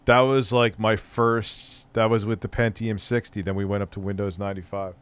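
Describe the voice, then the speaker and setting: Homem de voz grave conversando numa live. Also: male voice, fairly low pitch, flat delivery, moderate pace, clear, resonant tone. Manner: loose, rambling, swears casually. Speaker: streamer host. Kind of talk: casual live-stream chat.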